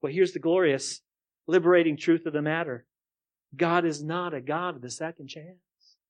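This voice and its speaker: A male pastor with a somewhat high-pitched voice delivers a sermon. He sinks to near murmurs, then climbs into loud, rising rhetorical questions. He keeps turning to the congregation and asking them to answer. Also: steady tone, normal speed. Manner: addresses the congregation directly, asking for responses.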